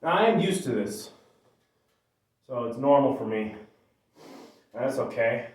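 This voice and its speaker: A man's voice: mid-range voice, lively intonation, unhurried, darkish tone. Guy catching his breath after squats, far from the mic, big echo, faint hiss. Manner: joking, breathy between sets. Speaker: gym vlogger. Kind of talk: casual workout vlog. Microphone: camera from a distance. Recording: echoey room from far off, faint noise.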